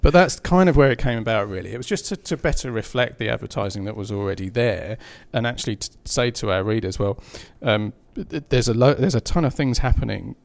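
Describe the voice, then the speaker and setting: A man's voice: mid-range voice, fairly quick, gravelly, hardly any pauses. A man who edits a magazine, talking casually on a panel with lots of fillers and restarts. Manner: chatty, many fillers and restarts. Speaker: magazine editor.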